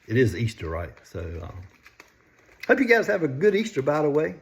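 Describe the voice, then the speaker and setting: An older man with a drawl talks through stocks in a folksy, easygoing way. He chuckles often between phrases. His pitch rises and falls a lot as he talks. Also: wildly swooping pitch, moderate pace. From North Carolina, US. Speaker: stock market vlogger. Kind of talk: casual stock chat.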